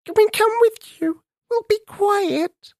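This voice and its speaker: A man voicing small chattering monkeys in a children's storybook, with a squeaky, high voice. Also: slow, no room sound, studio quality, heavily acted. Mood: pleading.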